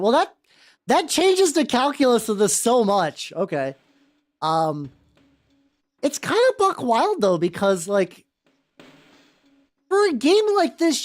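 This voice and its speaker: A woman streaming a video game playthrough, talking excitedly, swearing freely, and rambling in asides. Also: a little high. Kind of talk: live gameplay commentary.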